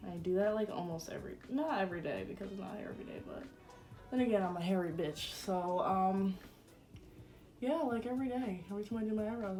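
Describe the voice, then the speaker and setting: Young woman vlogger at home, loose, salty, filler-heavy makeup chatter, soft music underneath. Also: medium pitch. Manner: chatty, crude, fillers of "like" everywhere. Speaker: beauty vlogger. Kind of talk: casual get-ready-with-me chat. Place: room at home.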